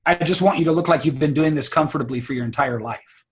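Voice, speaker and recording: A man's voice: fairly high pitch, quick pace. Confident man coaching on a call. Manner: confident, emphatic, repeats words. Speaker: public speaking coach. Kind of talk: casual advice on a video call.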